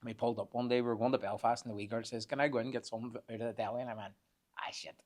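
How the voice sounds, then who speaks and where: A man, telling animated anecdotes as a podcast guest and swearing freely. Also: medium pitch, very fast, crowd noise. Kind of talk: casual storytelling chat.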